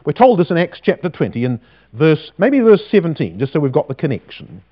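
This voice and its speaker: A man delivers a sermon in a lively, swooping voice, slowing to lean on each word of scripture and posing rhetorical questions to his listeners. His voice sits a bit high. The recording is dull and lo-fi. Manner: animated preaching, reads scripture slowly with emphasis, rhetorical questions. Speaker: preacher.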